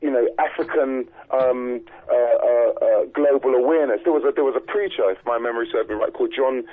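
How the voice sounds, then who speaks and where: A man's voice: mid-range voice, brisk. Guy calling in on the phone, earnest, lots of uhs, tinny phone-line sound. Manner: earnest, hesitant with fillers. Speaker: guest. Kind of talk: radio interview. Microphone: telephone.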